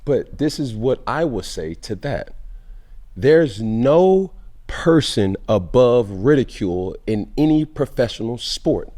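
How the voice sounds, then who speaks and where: A man's voice: medium pitch, lively intonation, slow pace, warm tone. Slangy emphatic man hosting sports talk. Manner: emphatic, slangy, rhetorical questions. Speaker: podcast host.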